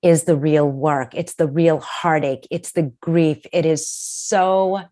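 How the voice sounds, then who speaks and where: A woman's voice: low voice, fairly even intonation, slow pace, mellow. A woman hosting a podcast, speaking reflectively and empathetically while asking probing questions. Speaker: podcast host. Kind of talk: conversational interview.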